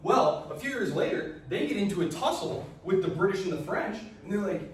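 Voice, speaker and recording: A man giving a casual history lecture in a classroom, joking and acting out countries in quick asides. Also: high voice, lively intonation, slight background noise. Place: lecture hall. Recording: very echoey hall, recorded from a distance.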